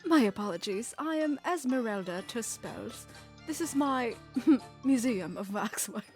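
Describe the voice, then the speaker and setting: A woman's voice: a little high, expressive, darkish tone. Woman doing a vain French museum madame. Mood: theatrical. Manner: halting, fumbling French accent. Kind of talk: reading game dialogue aloud. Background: game music.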